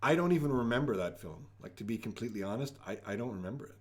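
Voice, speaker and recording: A man's voice: medium pitch, animated, rapid-fire. A man hosting a live-streamed trivia game from home, joking around as he reads each question twice. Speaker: trivia host.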